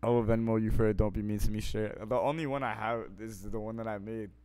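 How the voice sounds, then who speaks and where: A young man streaming live, casually answering viewer questions in slangy, profane talk that swings between mumbled asides and loud bursts. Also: fairly low pitch, steady tone, fast, clear, resonant tone, no room sound.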